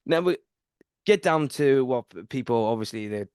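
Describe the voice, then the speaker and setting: A man hosting a podcast, asking a question in a halting way with many fillers. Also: medium pitch, lively intonation, darkish tone, clear, resonant tone, no echo, studio quality. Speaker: podcast host. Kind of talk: interview question.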